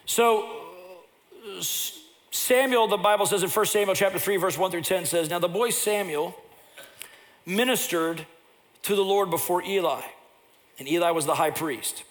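A pastor preaching a sermon, telling personal stories, and at times rising into loud impassioned preaching. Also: male voice, high-pitched, normal speed.

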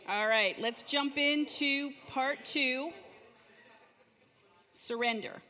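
A woman with a high, very slow, pushed and bright voice leads a church group gathered in a large room, and a long hall reverb colors the recording. Her teaching is conversational, mixing prayer and stories, and she often repeats words as she begins a sentence.

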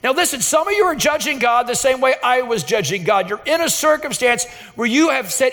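A man's voice: very high voice, lively intonation, normal speed, a bit bright. A man preaching a sermon as pastor, earnest and emphatic, telling a personal story with fervent intensity. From Texas, USA. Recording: reverberant hall sound.

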